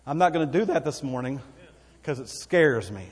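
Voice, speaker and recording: Lively intonation marks this mid-range male voice at normal speed. A pastor from Texas, he delivers a folksy, conversational sermon in a church sanctuary, prompting the congregation for amens, with long reverb from the church hall.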